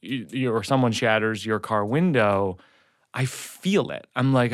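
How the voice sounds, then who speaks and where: Halting podcast host from Massachusetts. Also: male voice, mid-range voice, no room sound, studio quality. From Massachusetts suburbs, USA. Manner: halting, many restarts. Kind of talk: casual interview talk.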